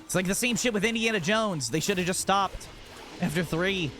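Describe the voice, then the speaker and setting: A man's voice: high voice, normal speed, fairly bright tone, soft background music. A man streaming a game, chatting casually and telling profane, joking stories in a rambling way. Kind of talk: casual live-stream chat.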